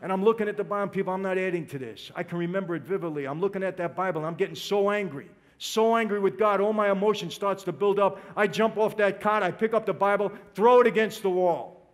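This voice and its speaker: A high-voiced man talks fast as he gives a heartfelt religious testimony. Addressing the audience head-on, he refers to them as "people."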